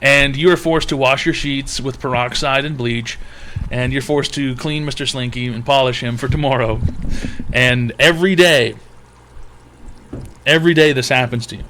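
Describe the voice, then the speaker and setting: A man's voice: medium pitch, moderate pace, bright, forceful tone, a little hiss or hum. A man hosting a livestream advice show, mocking his chat in a crude, rambling comedic rant.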